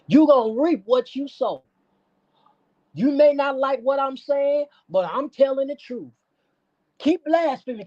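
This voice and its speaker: A woman's voice: high-pitched, a little mellow. Woman preaching and scolding on a stream. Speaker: stream host. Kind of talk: livestream call-out rant. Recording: dull lo-fi stream audio.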